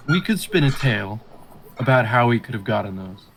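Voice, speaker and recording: A man voicing his character at a tabletop game with dry, wry delivery, his voice at a middle pitch. A faint hiss runs underneath. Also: sing-song, normal speed, gravelly, poor audio. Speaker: player. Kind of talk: in-character tabletop role-play.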